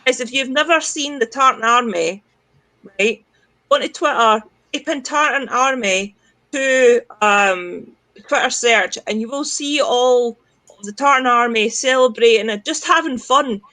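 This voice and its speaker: A woman's voice: a little high, unhurried, sharp tone, no room sound, poor audio. A Scottish woman from the central belt, a livestream guest chatting casually, swearing freely and laughing through rambling stories. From Scotland. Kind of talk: casual chat.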